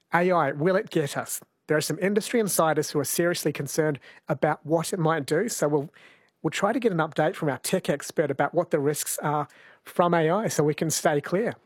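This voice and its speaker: A man's voice: on the high side, no room sound. A man hosting a radio show, breezy and jokey as he steers the chat. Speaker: radio host. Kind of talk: casual on-air radio chat.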